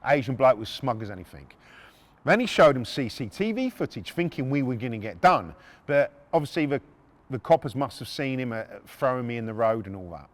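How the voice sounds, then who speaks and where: Animated man telling stories. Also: medium pitch, brisk, long reverb tail. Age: middle-aged. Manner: blunt, swears freely, frequent restarts. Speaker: podcast host. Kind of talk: casual true-story telling.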